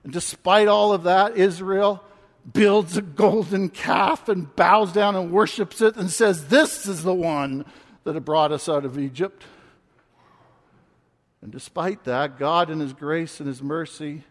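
A man preaching a sermon, reading scripture and speaking with passion that builds to near shouts. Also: a little high. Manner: impassioned, rising to shouts when quoting. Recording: long hall reverb.

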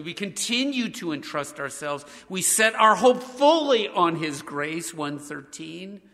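A man's voice: on the high side, bright, forceful tone, long reverb tail. A man preaching a sermon as pastor, speaking earnestly as he reads scripture aloud and leads his congregation in prayer.

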